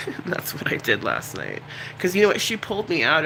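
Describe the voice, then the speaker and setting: A woman's voice: low-pitched, wildly swooping pitch, moderate pace, vocal fry, long pauses, noisy background. A middle-aged woman chatting casually and candidly on a live stream, rambling and emotional. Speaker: YouTuber.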